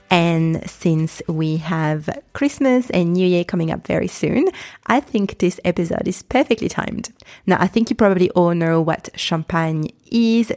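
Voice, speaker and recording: A woman hosts a pronunciation podcast, talking slowly and patiently. Her voice sits slightly low, and she repeats each sound so listeners can follow. The recording is close and dry, with no room sound. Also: darkish tone, dry recording. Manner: slow, careful, repeats sounds for the listener to copy. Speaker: podcast host and pronunciation teacher.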